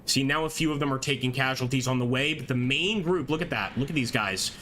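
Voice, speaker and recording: A man giving chatty, excited live commentary on a strategy war game, reading chat aloud and laughing often. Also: mid-range voice, fast, a little hiss or hum. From American. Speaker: gameplay streamer.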